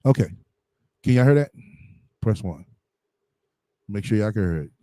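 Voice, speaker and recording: A man runs a livestream commentary, blunt and combative, with plenty of profanity and slang fillers. His voice sits low with a warm, dark tone, recorded dry with no room around it. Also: lively intonation, normal speed, no echo. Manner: blunt, combative, heavy on slang and "you know what I'm saying".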